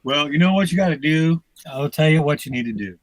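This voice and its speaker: A man's voice: a little high, a little fast, no room sound, rough recording. A man guesting on a podcast, telling stories bluntly with plenty of swearing in casual conversation. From United States. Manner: profane, blunt storytelling.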